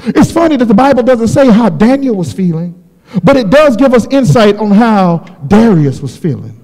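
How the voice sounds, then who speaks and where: Male preacher, very high and animated pitch; impassioned storytelling with shouted peaks. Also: moderate pace. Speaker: pastor. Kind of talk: sermon. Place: church sanctuary. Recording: long hall reverb.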